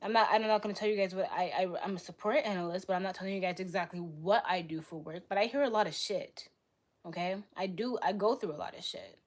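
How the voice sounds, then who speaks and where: Young woman, stream host, blunt and argumentative, answers chat with quick retorts. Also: mid-range voice. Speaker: livestream host. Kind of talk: live stream debate reading chat.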